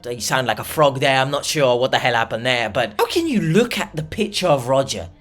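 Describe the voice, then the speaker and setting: A man hosts a reaction video in a lively voice that rises and falls a lot. His commentary is sarcastic and exasperated. Faint music plays underneath. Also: medium pitch, a little fast. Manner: mocking, exasperated, animated.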